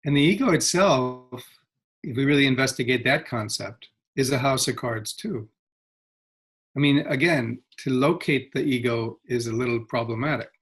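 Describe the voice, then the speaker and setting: A man explaining spiritual ideas as an interview guest, reflective and animated, often laughing. His voice is husky and sits at a middle pitch. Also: normal speed.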